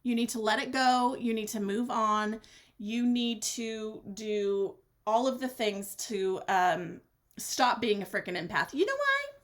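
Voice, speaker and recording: A woman hosting her own podcast, talking alone in a blunt, sassy way, swearing freely and swinging her pitch for drama. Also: fairly even intonation, takes it slowly. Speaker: podcast host. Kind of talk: candid solo podcast monologue.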